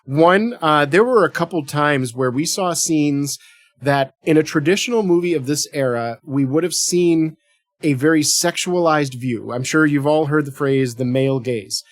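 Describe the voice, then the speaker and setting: Podcast co-host, man, slightly high, animated and profane, dry close mic. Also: moderate pace, no room sound. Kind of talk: casual chat about a film.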